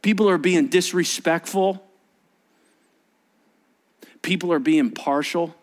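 A man preaching a sermon as pastor, with his voice leaping up high and loud whenever he quotes scripture. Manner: animated preaching, voice rising sharply when quoting scripture.

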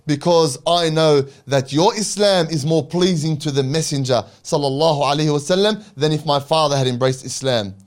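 A male preacher carries his audience through a dramatic religious story in a storytelling lecture. His voice sits slightly high for a man, and he pauses for reverent asides. The narration moves with dramatic emphasis.

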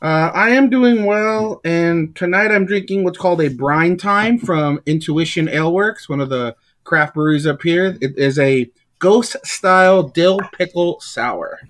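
A man's voice: on the high side, unhurried, few pauses, a bit bright. A man chatting easily on a casual podcast. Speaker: podcast panelist. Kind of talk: casual chat.

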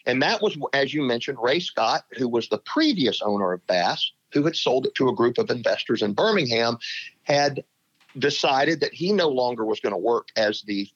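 A man's voice: mid-range voice, moderate pace. A middle-aged man, a former pro angler, telling stories as an interview guest and laughing as he goes. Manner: animated, laughs through his stories. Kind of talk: conversational storytelling in an interview. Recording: dull lo-fi sound.

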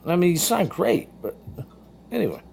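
Gravelly, blunt, profane male co-host. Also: sits high, very animated, moderate pace, crowd noise. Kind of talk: casual chat.

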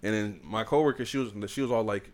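A man's voice: on the low side, fast. A man co-hosting a casual podcast, joking and cutting in with teasing remarks. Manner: joking, interjects and teases. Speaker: podcast co-host. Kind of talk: casual banter.

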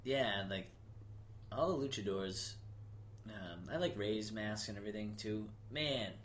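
Male co-host, relaxed, agreeable, chimes in often. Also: fairly low pitch, measured pace, slight background noise. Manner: laid-back, frequent agreeing backchannels. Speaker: podcast co-host. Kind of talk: casual wrestling podcast chat.

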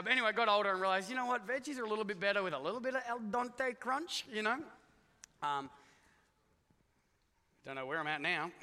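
A man's voice: sits high, pushed and bright, clean tone. A middle-aged Australian man preaching a chatty, joking sermon, talking to the congregation with lots of asides. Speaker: pastor. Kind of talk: conversational sermon. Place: church hall. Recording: echoey church hall.

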